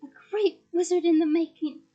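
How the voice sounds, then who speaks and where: A woman's voice: very high-pitched, fairly even intonation, normal speed, warm tone, lo-fi sound. A woman voicing a middle-aged male wizard and new father who exclaims, breathless with happiness. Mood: cheerful.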